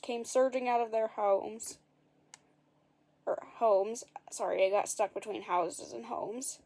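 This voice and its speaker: A woman's voice: fairly high pitch, slow, darkish tone. A woman reading a storybook aloud in a casual way, adding wry, dry asides and fixing her own slips as she goes. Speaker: narrator.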